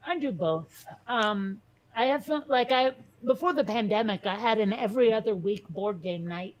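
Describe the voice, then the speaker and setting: At a moderate pace and medium pitch, a woman from a Catholic Italian family co-hosts a relaxed podcast chat. She's chatty but hesitant, rambling along with plenty of fillers and restarts.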